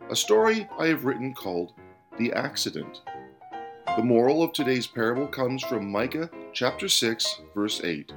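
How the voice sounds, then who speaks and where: A man hosting and narrating a scripted parable with an expressive reading. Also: mid-range voice. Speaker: host and storyteller. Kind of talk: scripted storytelling.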